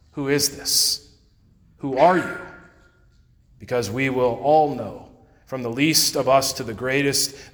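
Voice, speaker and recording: A man preaching a sermon as pastor, slow and measured, quoting scripture in a church sanctuary. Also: mid-range voice, a bit bright. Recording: long church reverb.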